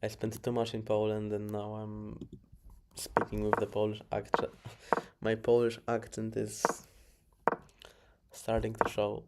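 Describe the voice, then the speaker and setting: Gravelly flat-voiced man muttering chess analysis. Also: fairly low pitch, unhurried. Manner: mutters chess moves, self-correcting, chuckles. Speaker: chess streamer reviewing his games. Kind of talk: casual game review commentary. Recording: clear background noise.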